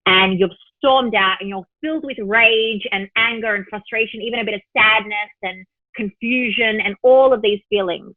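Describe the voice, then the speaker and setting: A woman spiritual teacher, a podcast guest, telling an example story in a lively way and voicing her own thoughts. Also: mid-range voice, normal speed, no room sound. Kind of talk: podcast interview. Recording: tinny phone-line sound, dry.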